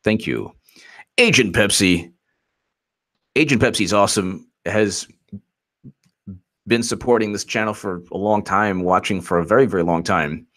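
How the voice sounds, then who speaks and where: A man's voice: fairly low pitch, normal speed, pauses often, fairly bright tone. Man giving sarcastic political commentary. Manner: sarcastic, mocking, reads messages aloud.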